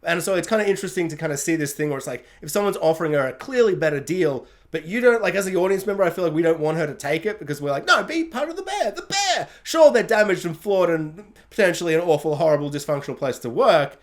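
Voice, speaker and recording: Chatty, animated man reviewing a show. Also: on the high side, fast, hardly any pauses. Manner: animated, chatty, laughs often, many fillers. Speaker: YouTube TV reviewer. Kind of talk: casual spoken review.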